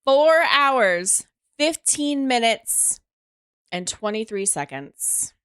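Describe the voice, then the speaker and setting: A woman's voice: a little high, lively intonation, extremely slow, fairly bright tone, clean tone, no echo, clean studio sound. A woman streaming a game live, chatting casually to her viewers, swearing freely and talking to herself as she plays.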